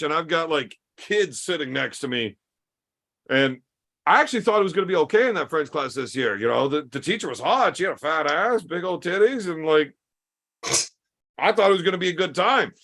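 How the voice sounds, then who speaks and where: Man, young adult, higher-pitched, crude laid-back storyteller, swears a lot. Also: lively intonation, brisk, a bit bright. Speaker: podcast host. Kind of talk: casual storytelling chat.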